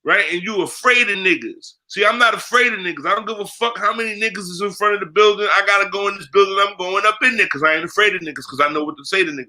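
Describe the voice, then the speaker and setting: A man's voice: sits high, fast, few pauses, pushed and bright. A man speaking in an interview, talking bluntly with heavy profanity and street slang. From United States. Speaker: guest, spiritual priest. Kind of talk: candid interview talk.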